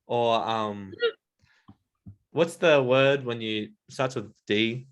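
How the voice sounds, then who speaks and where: A man's voice: mid-range voice, slow pace, clean tone, highs cut off. A man running a casual tabletop game, narrating with a rambling, filler-heavy manner. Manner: rambling, lots of "like" and "um". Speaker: game master.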